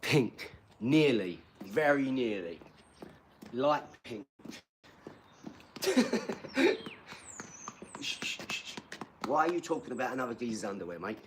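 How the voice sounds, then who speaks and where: A man's voice: mid-range voice, expressive, normal speed, a little hiss or hum. A man, chatting casually on a live stream and bantering with a troll in his comments.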